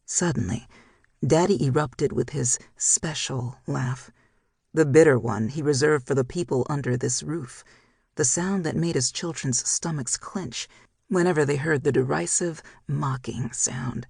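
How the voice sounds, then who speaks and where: A narrator reads a dramatic novel in measured, even storytelling. The voice is gravelly and husky, recorded close in a dry studio with no room sound. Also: mid-range voice, no room sound. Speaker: audiobook narrator. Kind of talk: scripted narration.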